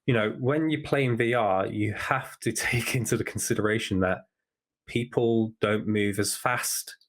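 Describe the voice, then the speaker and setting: A man's voice: on the low side, moderate pace. A man co-hosting a podcast who explains points thoughtfully in casual chat, with a lot of fillers. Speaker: podcast co-host.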